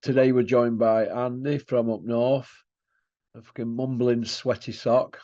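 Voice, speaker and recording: A man's voice: medium pitch, little pitch movement, measured pace, mellow. Leeds bloke hosting, ribbing his mate, rambly stories, muffled lo-fi video call. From England. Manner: joking, teasing, rambling storyteller. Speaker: host. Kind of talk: casual banter. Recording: dull lo-fi call audio.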